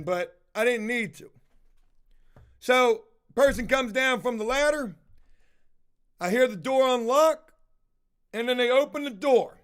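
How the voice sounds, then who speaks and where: A man telling a heated, profanity-heavy story in a casual monologue with lots of emphasis. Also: sits high.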